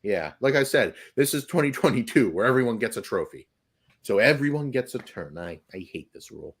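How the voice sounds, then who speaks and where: A man's voice: medium pitch, very animated, a little fast, husky. A young man co-hosting a sports podcast, opinionated and sarcastic, laughing mid-sentence. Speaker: podcast co-host. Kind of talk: casual sports podcast chat.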